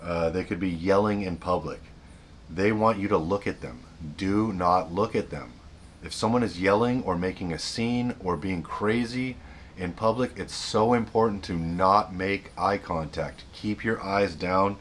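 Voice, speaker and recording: A man's voice: low voice, unhurried, a little hiss or hum. A man hosting a self-help video, giving earnest unscripted advice, often repeating and restarting his sentences.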